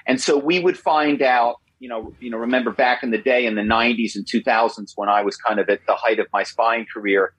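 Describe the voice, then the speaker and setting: A man in his fifties, a guest in an interview, telling stories in an animated way, often repeating himself and adding tag questions. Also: mid-range voice, fairly quick, few pauses, slightly rough, no echo, rough recording. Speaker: guest, former corporate spy. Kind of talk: interview storytelling.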